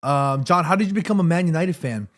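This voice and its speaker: A man's voice: fairly high pitch, lively intonation, fast talker. A man hosting a casual watchalong stream from his room, chatting and reading out messages, with a sore throat. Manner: chatty, reads chat messages aloud, eats between lines. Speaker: livestream host. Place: home room.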